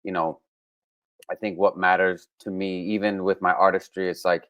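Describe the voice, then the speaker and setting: A man's voice: deep voice, moderate pace, no room sound. A young man from Brooklyn, a musician being interviewed, talking casually with lots of fillers and restarts. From Brooklyn, New York. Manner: relaxed, with frequent fillers and restarts. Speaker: musician guest.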